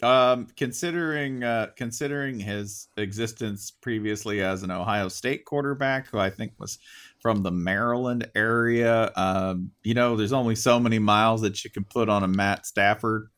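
A man's voice: lowish voice, normal speed, fairly bright tone. A man co-hosting a comedy sports podcast, playing announcer and laughing often. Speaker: podcast co-host. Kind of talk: casual comedic chat.

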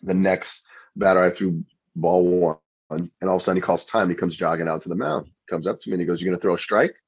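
A middle-aged man, a pitching coach, chatting in an interview and telling anecdotes with frequent restarts. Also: steady tone, fast, vocal fry, breathy edge, no room sound. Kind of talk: interview storytelling. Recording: dull lo-fi recording.

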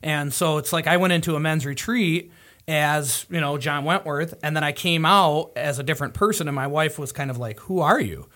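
A man's voice: a little high, normal speed, sharp tone. A man hosting a casual conversation, earnest and reflective, with frequent fillers. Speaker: podcast host.

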